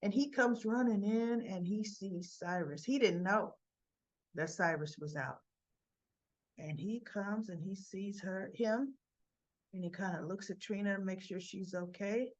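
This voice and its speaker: A woman's voice: medium pitch, unhurried, dull audio. Chatty woman recapping soap scenes. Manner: chatty, retells scenes with quoted dialogue and asides. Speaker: soap opera reviewer. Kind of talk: casual recap chat.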